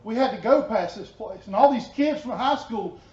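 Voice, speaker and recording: A man giving a personal testimony as a pastor, telling his story earnestly and dropping soft and low in tender moments. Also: normal speed. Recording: echoey, dull room sound.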